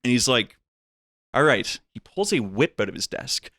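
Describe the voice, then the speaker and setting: Animated storytelling man, dry close mic. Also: normal speed, no room sound. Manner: animated, acts out voices with big pitch jumps. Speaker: podcast guest. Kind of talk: casual storytelling.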